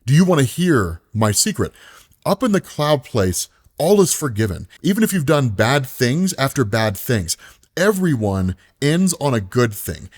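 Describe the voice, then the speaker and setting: A man voicing a dead young woman reading her farewell letter, slow, soft and wistful. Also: medium pitch, very animated. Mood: tender.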